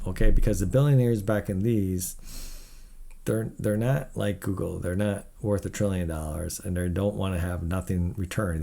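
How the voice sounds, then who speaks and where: A man with a low, gravelly voice and a dark, mellow tone talks through financial numbers in a loose, rambling way. He sounds worn out and openly skeptical, giving blunt verdicts between yawns. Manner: blunt, skeptical, rambling asides, keeps yawning. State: tired. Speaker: tech video host. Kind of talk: casual commentary reading financial figures.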